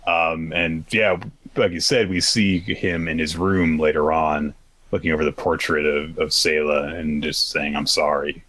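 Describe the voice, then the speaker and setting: Deep-voiced man recapping manga casually. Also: level tone, a little slow, fairly bright tone, no room sound. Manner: rambling, acts out characters' lines with pitched-up quotes. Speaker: podcast co-host.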